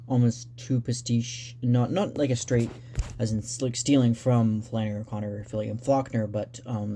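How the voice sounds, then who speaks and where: A man talking unscripted about his novel drafts in a rambling, halting way with many restarts. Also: lowish voice, mellow, slight background noise. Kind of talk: unscripted casual vlog talk.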